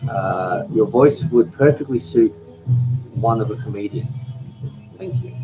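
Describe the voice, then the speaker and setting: A soft-spoken man, chatting casually as a host reading viewer comments on a live stream. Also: fairly low pitch, lo-fi sound, over music. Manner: relaxed, rambling, with pauses. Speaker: cooking channel host.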